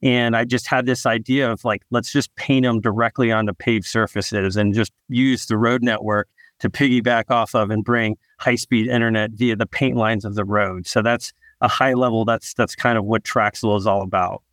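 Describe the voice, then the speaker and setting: A man, a startup founder, answering podcast interview questions in a relaxed storytelling way, often repeating a word as he restarts. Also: on the low side, normal speed, no room sound, studio quality.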